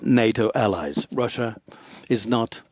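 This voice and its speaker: Halting male conference interpreter. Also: lowish voice, darkish tone. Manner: halting, with frequent pauses and fillers. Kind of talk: simultaneous interpretation of a speech.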